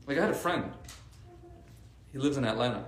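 Medium-pitched and brisk, this man's voice carries through an echoey room with crowd noise behind it. He teaches Arabic and is telling animated stories in a casual religious talk to a faith circle, using "like" as a filler again and again.

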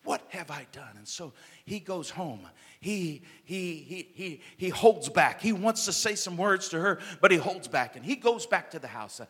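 Male pastor, impassioned sermon delivery with loud-soft swings and fillers; high, bright voice in a long-reverb hall. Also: expressive, a little slow, slightly rough.

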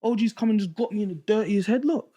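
Man, lively storyteller with a higher-pitched voice, slips into impressions of others. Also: fast talker. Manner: animated storytelling, acts out voices of inmates. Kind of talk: casual podcast chat.

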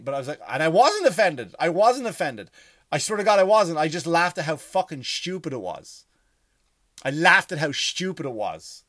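An Irish man with a voice sitting a bit high for a man, delivering a casual, profane rant. He keeps pressing rhetorical questions in an animated way. The sound is dry, with little room around it. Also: no room sound. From Ireland. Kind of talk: casual ranting monologue.

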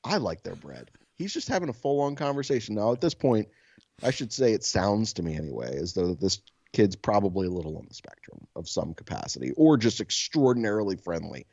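A male podcast co-host tells a story in casual, profane chat, animatedly acting out the quotes. His voice is lowish, creaky and brisk. The recording is muffled, with no echo.

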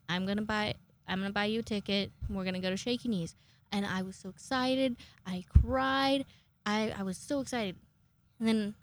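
In her twenties, this woman chats casually to her viewers on camera, rambling and poking fun at herself. She swears often and slips into high-pitched voices when acting out quotes.

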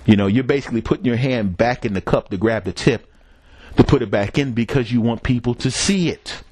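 A man's voice: mid-range voice, brisk, a little mellow, breathy edge. A man hosting a podcast, telling a rambling, profane story in a casual solo monologue and chuckling at his own jokes. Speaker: podcast host.

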